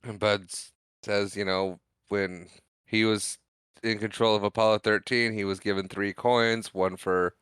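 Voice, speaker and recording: Male podcast co-host, low-ish, crisp and forceful, chatty scene recap, dry booth sound. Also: level tone, unhurried, dry recording. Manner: retells scenes with lots of laughing. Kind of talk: casual movie recap chat.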